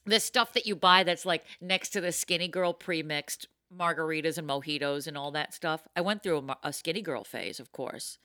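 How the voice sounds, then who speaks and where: A woman co-hosting a casual chat, joking and animated, swinging into exaggerated voices. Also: moderate pace, few pauses, no echo, clean studio sound. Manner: animated, jokey, swings into high mock voices. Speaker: podcast co-host.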